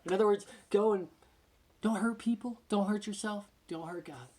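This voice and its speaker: Sitting high in pitch and moving briskly, a male pastor delivers a fervent sermon. He repeatedly sinks into an almost-whisper to stress points and echoes his own words as he collects his thoughts.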